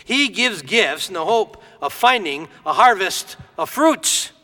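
Male pastor, high bright voice, animated storyteller, long church reverb. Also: slow pace. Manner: lively storytelling, acts out quoted voices. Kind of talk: sermon.

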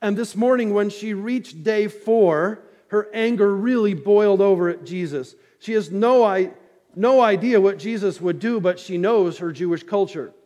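High-voiced preacher in a reverberant church. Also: male voice, moderate pace, darkish tone, lo-fi sound. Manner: dramatic storytelling preacher, rising and falling intensity. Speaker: pastor. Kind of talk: sermon. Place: church sanctuary. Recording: long reverb of a church hall.

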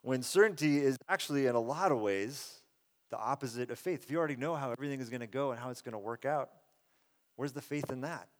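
A middle-aged man, a pastor, giving a conversational, earnest sermon that swells loud and drops soft. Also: mid-range voice, quick pace. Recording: long reverb of a large hall.

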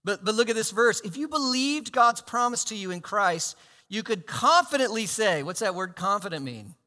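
Pastor preaching a sermon, high bright voice, animated and dynamic, reverberant church hall. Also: male voice, moderate pace. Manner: animated, swinging between loud emphasis and hushed asides.

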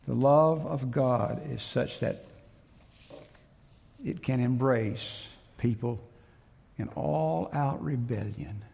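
A man preaching a sermon in an emphatic, deliberate way, repeating his key phrases, with a gravelly, husky voice. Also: mid-range voice, dark tone. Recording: long reverb of a large hall.

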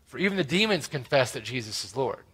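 A man preaching a sermon, explaining scripture verse by verse with frequent "right?" asides, swinging between loud emphasis and quiet asides. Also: medium pitch, very animated, fast, breathy edge, rough recording. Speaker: pastor.

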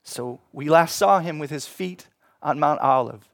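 A male pastor preaching with a fairly high voice. He drops to hushed, slow passages, then builds to loud, emphatic ones. The sound is close and dry. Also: creaky, no room sound. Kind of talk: sermon.

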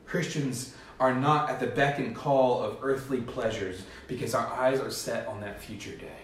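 A man's voice: mid-range voice, moderate pace, a little hiss or hum. A male pastor preaching a sermon in an earnest, emphatic manner, with rising bursts. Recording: echoey hall, distant mic.

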